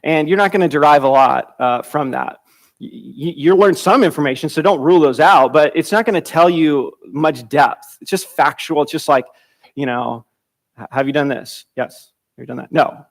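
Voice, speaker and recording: A man's voice: moderate pace, vocal fry. A man teaching a church Bible class in a conversational way, often repeating and restarting phrases and acting out quoted dialogue. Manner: acts out quoted dialogue with sudden pitch jumps.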